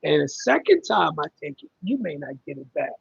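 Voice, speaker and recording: Middle-aged guy rambling on a caregiving livestream, lots of ums, gravelly voice a bit high, lo-fi. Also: sing-song, a little fast, dry recording. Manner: rambling, conversational, many ums. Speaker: livestream host talking about caregiving. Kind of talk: casual livestream chat, reading viewer comments.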